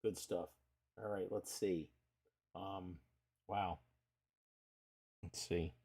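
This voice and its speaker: Host: middle-aged man, folksy and chatty, lowish voice. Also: steady tone, drawn-out words, creaky, darkish tone, breathy edge. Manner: chatty, folksy, calls viewers brother. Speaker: live stream host. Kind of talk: casual live stream chat.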